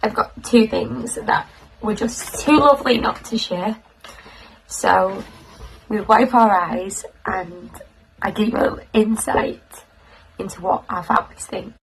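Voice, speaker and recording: A young woman, thanking her class's families in a tearful, halting, heartfelt way. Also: medium pitch, creaky, a little hiss or hum, poor audio. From North West England. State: tearful, close to crying. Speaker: toddler class leader. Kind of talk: casual thank-you message to parents.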